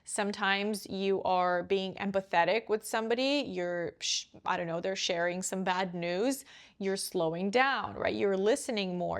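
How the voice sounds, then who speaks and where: A young woman teaches English pronunciation in a relaxed, talky way, her voice sitting at an everyday middle pitch. She keeps checking in with the listener as she explains each point. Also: measured pace. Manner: chatty, often checks in with "right?" and "you know". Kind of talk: casual teaching to camera.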